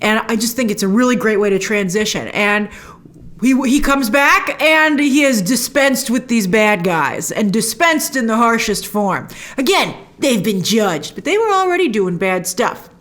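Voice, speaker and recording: A woman hosting a casual TV episode review, animated and quick to act out lines from the scenes in put-on voices. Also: on the high side. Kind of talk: casual chat.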